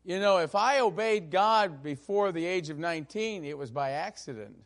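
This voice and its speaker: A man preaching a sermon as pastor, stressing key phrases slowly and often pausing on fillers. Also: high voice, lively intonation.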